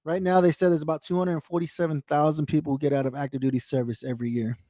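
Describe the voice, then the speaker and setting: A man's voice: on the high side, level tone, rapid-fire, dark tone, no room sound, studio quality. Earnest, rambling American man host. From United States. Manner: earnest, rambling, repeats himself. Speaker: host of a veterans' radio show. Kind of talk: candid casual talk to a co-host.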